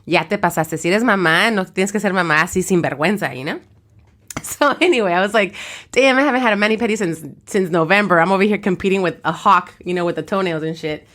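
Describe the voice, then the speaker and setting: A woman with a Mexican-American accent, co-hosting a podcast, telling stories in slangy English mixed with Spanish, tired and lower-voiced than usual. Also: fast. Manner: slangy, animated storyteller. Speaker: podcast co-host. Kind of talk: casual chat mixing English and Spanish.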